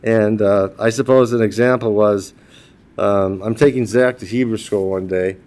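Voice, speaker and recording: A man's voice: fairly low pitch, fairly even intonation, moderate pace, darkish tone. Older man telling funny eulogy stories. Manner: humorous storyteller who laughs at his own stories. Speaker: widower giving a eulogy. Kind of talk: funeral eulogy told as personal anecdotes.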